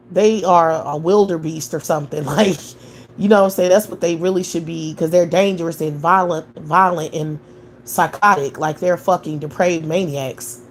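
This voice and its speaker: With slight background noise behind her low voice, this young woman host rants at her stream's chat, swearing and sneering. She laughs mockingly as she answers.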